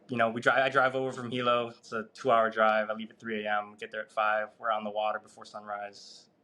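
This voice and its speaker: A man telling a story as a podcast guest, animated, swearing and laughing as he goes. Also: on the low side. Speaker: guest researcher. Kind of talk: casual storytelling in a podcast interview.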